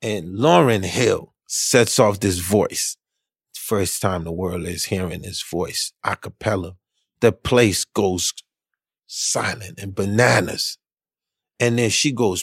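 A man telling a funny story casually, animated and slangy, acting out the other people's voices. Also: sits low, takes it slowly, gravelly, slightly rough, no echo, studio quality. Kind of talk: casual anecdote.

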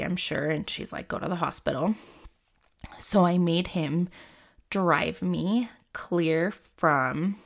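A woman's voice: low-pitched, creaky. A woman in her thirties telling a personal story in a casual, rambling, candid way, full of "like" fillers.

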